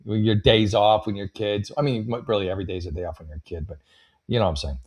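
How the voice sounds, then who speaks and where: A man's voice: fairly low pitch, fast, husky. A man hosting a comedy show, reading letters aloud and riffing with rambling, wry asides. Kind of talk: casual comedic commentary.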